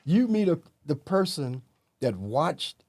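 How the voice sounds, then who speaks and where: A man's voice: on the high side, very animated, slow pace, a little mellow. A man hosting a podcast interview, reflective, with lots of affirmations. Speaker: podcast host. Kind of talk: casual interview chat.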